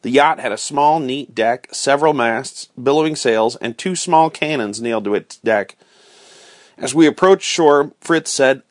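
A man reading a storybook aloud in a steady, expressive storytelling manner. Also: medium pitch, a little slow, no room sound, studio quality. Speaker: reader.

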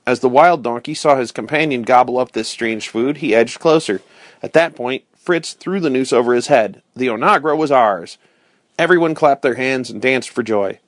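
A man's voice: medium pitch, no echo. Man reading a storybook, dry sound. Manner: steady, clear storytelling. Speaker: narrator. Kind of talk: storybook read-aloud. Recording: dry close recording.

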